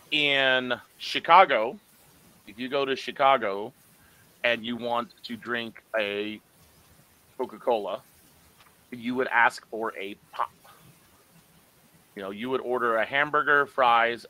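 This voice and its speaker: A male English teacher lecturing an online class, lively and joking as he acts out puzzled students' reactions. His voice is bright and forceful, sitting in a middle pitch range for a man. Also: low-quality recording. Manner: animated and joking, acting out confused listeners.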